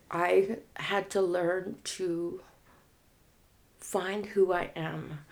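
A woman in recovery telling her personal story in a reflective, halting and frank way. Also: on the low side, darkish tone. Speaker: guest in recovery.

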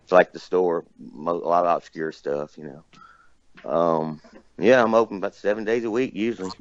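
Record store owner, lowish voice, rambling easygoing guest, dry dull lo-fi sound. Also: male voice, normal speed, no room sound. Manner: rambling, laid-back storyteller. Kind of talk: casual podcast chat.

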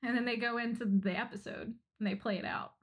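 A woman with a slightly high voice chats casually as a podcast co-host. She retells jokes with plenty of laughter, quickly acting out the quoted lines. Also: fairly even intonation, husky. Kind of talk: casual chat.

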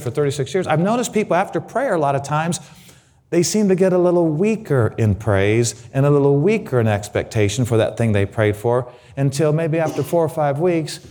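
A middle-aged man delivers a sermon as a guest pastor. His pitch swings widely as he preaches, and he often repeats his words. Now and then he acts out shouts of praise.

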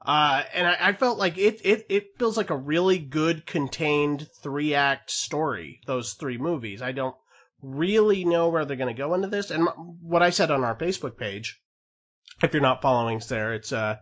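A podcast co-host chats casually, rambling with lots of fillers and restarts. His voice is a little high and fairly bright, with lively intonation and a normal speed.

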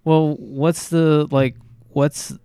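Laid-back young guy, smooth voice. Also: a little high, level tone, extremely slow, mellow, dry recording, clean studio sound. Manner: loose, laid-back, constant "like" and "dude". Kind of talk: casual chat.

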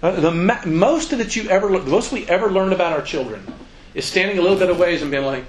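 A man's voice: high voice, quick pace, slight background noise, poor audio. A middle-aged man giving a conversational church seminar talk, acting out quotes as he goes. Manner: conversational, animated, acts out quotes. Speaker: youth ministry speaker.

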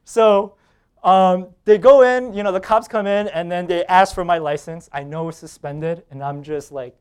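A man preaching a sermon as pastor, telling a personal story with quoted dialogue and laughter, swinging between loud bursts and hushed lines. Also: high-pitched, moderate pace, clean tone.

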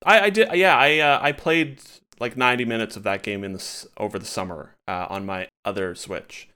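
A man's voice: on the low side, brisk, sharp tone, clean tone. A man co-hosting a casual podcast chat, talking loosely and animatedly with many fillers and restarts. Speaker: podcast co-host.

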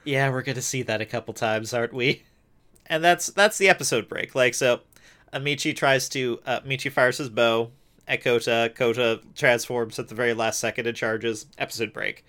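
A man co-hosts a recap show in easygoing chat. His pitch is middling and his delivery stays conversational. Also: steady tone, moderate pace, pushed and bright. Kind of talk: casual chat.

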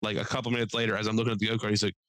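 A man's voice: fairly low pitch, little pitch movement, racing, fairly bright tone, dry recording, poor audio. A young man co-hosting a podcast, telling a long, profane story in casual chat and acting out the people he quotes in a raised voice. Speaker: podcast co-host.

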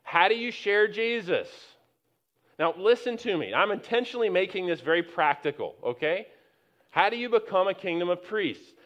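A man's voice: sits high, expressive, moderate pace. Conversational preacher man, dull lo-fi sound. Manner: conversational, anecdotal preaching with many restarts and rising emphasis. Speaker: pastor. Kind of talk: sermon.

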